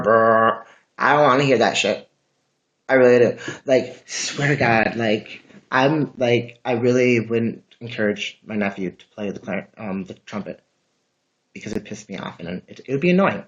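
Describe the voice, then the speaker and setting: A man rambles through a casual livestream from inside his house, chatty and profane. His voice sits at an ordinary middle pitch, and the phone audio comes through slightly dull and lo-fi. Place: at home, indoors.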